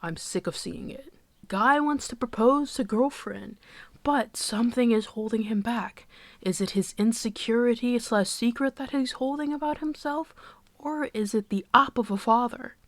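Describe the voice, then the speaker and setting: A woman's voice: on the high side, normal speed, no echo. A woman giving casual movie reviews in a candid, joking, sarcastic way, with profane asides. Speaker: film reviewer.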